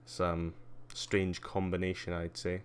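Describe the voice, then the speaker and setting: A man's voice: deep voice, monotone, a little slow, slight background noise. A man giving a casual live-stream tour, rambling with lots of ums and uhs and wry asides. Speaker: livestreamer.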